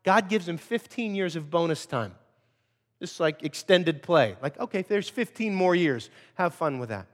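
A pastor preaching a lively sermon and acting out the people he quotes. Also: fairly high pitch, moderate pace, long reverb tail.

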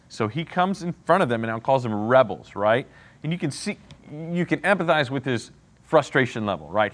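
In an interactive Bible lesson, a man with a medium-pitched, lively, swooping voice keeps the class involved through questions, often checking in with "okay?" and "right?".

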